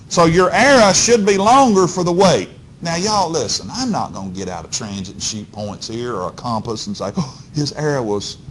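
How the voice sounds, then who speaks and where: Male physics teacher, fairly high and very lively voice, folksy classroom lecture, keeps checking in with the class, faint rumble underneath. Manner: keeps checking in with "okay?" and "all right?"; folksy, coaxing, talks straight to students.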